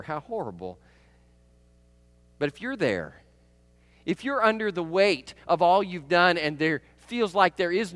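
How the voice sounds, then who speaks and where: Male preacher, high and very animated, conversational sermon, dry close recording. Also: no room sound. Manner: conversational, keeps asking the audience "right?"; laughs at his own stories. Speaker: pastor.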